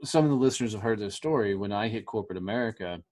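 A middle-aged man hosting a podcast, telling stories in a blunt, profane, animated way. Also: on the low side, very fast. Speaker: podcast host. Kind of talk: casual conversational interview.

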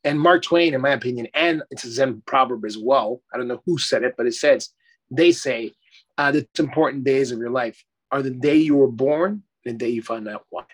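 A man's voice: mid-range voice, moderate pace. A middle-aged man, a life coach, talking effusively and emphatically in a casual interview, swearing casually.

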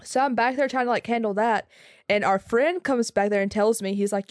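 Young woman with a slightly raspy voice. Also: on the high side, no echo, studio quality. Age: young adult. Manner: animated storyteller, quick asides. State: slightly hoarse from screaming. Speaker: podcast co-host. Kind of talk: casual storytelling chat.

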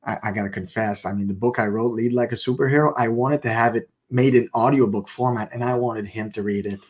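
A man's voice: medium pitch, fairly even intonation, a little fast, breathy edge. A man co-hosting a casual faith podcast, playful and fond of wordplay, telling stories with animation. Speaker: podcast co-host and author.

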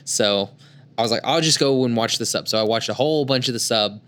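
A man chatting loosely about anime, medium pitch, rambling with lots of restarts, every so often jumping into quick mocking voices to act out what dub writers say. his tone stays relaxed and conversational. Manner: rambling, animated, slips into mocking impressions. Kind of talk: casual chat about anime.

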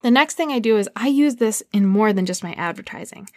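A woman's voice: medium pitch, lively intonation, fairly quick, darkish tone, no room sound. A woman talks straight into the mic as the host of her own podcast, coaching listeners in an easy, chatty way. She leans on "like" and keeps the tone light and upbeat. The sound is dry and close, with no room around her. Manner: conversational, frequent "like", upbeat coaching tone. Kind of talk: casual solo podcast advice.

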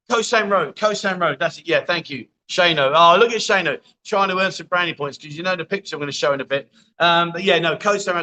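A man's voice: a little high, sharp tone, low-quality recording. Chatty man hosting a livestream. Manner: chatty, matey, addresses viewers as mate. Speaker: livestream host. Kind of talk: casual livestream chat reading viewer comments. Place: bar, indoors.

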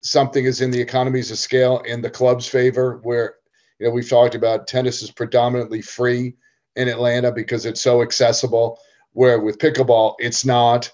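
A tennis coach talks through his thoughts on a casual podcast, often restarting sentences. His voice is at a medium pitch for a man. The recording sounds a little dull and lo-fi. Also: level tone, a little fast, darkish tone. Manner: thoughtful, explanatory, with frequent restarts. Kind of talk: casual chat.

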